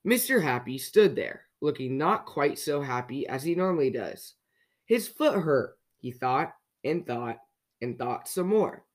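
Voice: mid-range voice, expressive, measured pace. Give me a playful children's storyteller with a mid-range voice. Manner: playful, asks young listeners questions. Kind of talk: reading a children's picture book aloud.

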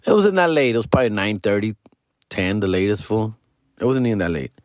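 A man's voice: lowish voice, very animated, fairly quick, no echo, studio quality. A middle-aged man casually telling a story on a podcast, full of slang and Spanish words mixed into his English. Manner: slangy, mixes Spanish into English, calls listener fool and dog.

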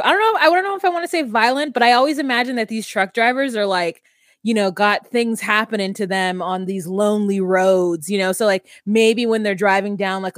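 A woman's voice: mid-range voice, dry recording, studio quality. Rambling chatty woman podcast co-host. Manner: rambling, filler-heavy, worried musing. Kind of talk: casual reality-TV recap chat.

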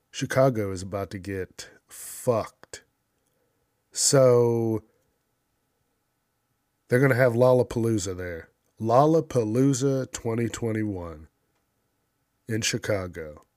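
A man's voice: fairly low pitch, no echo, studio quality. A man hosting a casual news commentary, ranting sarcastically and swearing constantly. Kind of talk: profane casual news rant.

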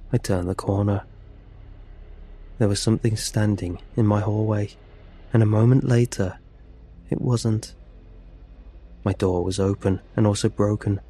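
A man narrating a horror story for a podcast in a slow, hushed and tense way. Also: on the low side.

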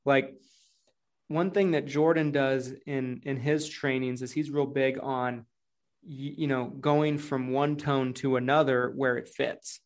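A man guests on a podcast, talking about his sales work. His voice is gravelly with a lot of vocal fry, and his speech is chatty and full of "like"s. He sits at an ordinary middle pitch. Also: steady tone, a little slow. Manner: chatty, uses many filler "like"s. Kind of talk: casual conversational podcast chat.

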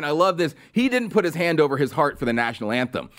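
A man's voice: fairly high pitch, expressive, fast, hardly any pauses, a bit bright. A male podcast host delivering a sarcastic, mocking political commentary monologue with exasperated outbursts.

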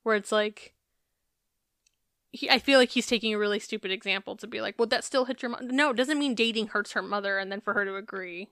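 This woman's voice is medium-pitched, bright, forceful and clean, and she speaks fairly quickly. Co-hosting a podcast, she recaps a reality show in casual, profane chatter and laughs along the way, recorded in a clean studio with no room sound.

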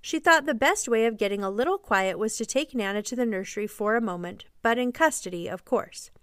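Storyteller: woman, fairly high, smooth clear voice, expressive audiobook reading. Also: dry recording, clean studio sound. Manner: expressive, measured storybook narration. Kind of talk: reading a classic novel aloud.

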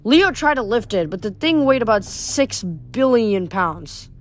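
A woman's voice: fairly high pitch, big pitch swings, measured pace, faint music behind. A woman reading a novel aloud, stumbling and restarting words now and then. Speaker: reader.

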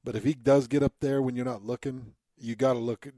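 A man's voice: mid-range voice, steady tone, brisk, mellow, dry recording. A man co-hosting a casual talk show, chatty and enthusiastic, laughing often. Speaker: radio co-host. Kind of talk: casual chat.

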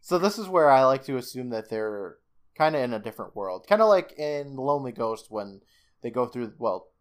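A man's voice: medium pitch, big pitch swings, moderate pace. A man co-hosting a podcast, recapping a TV episode in casual chat, cursing freely, laughing often and acting out lines. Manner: swears freely, laughs often, acts out quotes. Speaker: podcast co-host.

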